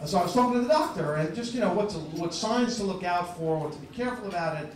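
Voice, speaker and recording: A man's voice: sits high, lively intonation, fast talker. A man in his fifties from New Jersey doing a stand-up comedy set, stammering and restarting before dry, self-deprecating punchlines. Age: 50s. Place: comedy club stage. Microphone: stage mic in a club. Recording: echoey club recording from far off, crowd noise. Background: audience laughter.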